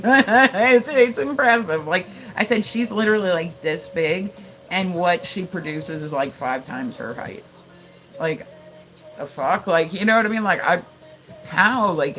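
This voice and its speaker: A woman's voice: mid-range voice, fairly bright tone, low-quality recording. A woman live streaming in casual chat, rambling with lots of fillers, laughter and swearing.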